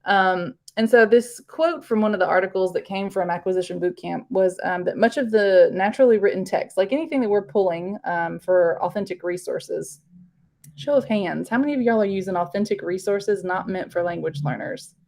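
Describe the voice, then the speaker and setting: A woman's voice: medium pitch, moderate pace, gravelly, darkish tone. A woman teacher, giving a casual live online workshop in a chatty, rambling way, full of fillers.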